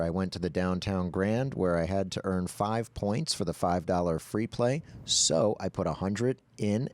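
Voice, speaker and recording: A man with a low voice co-hosts a relaxed chat show and reads viewer letters aloud in an easygoing way. The recording is close and dry, with no room sound. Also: dry recording. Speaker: show co-host. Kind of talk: casual chat, reading viewer submissions.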